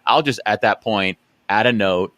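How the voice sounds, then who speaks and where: A man with a very low voice hosts a relaxed podcast conversation. He talks in a chatty, rambling way, full of fillers and restarts. The sound is dry and close to the mic. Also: normal speed, no echo. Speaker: podcast host. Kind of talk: casual conversational interview.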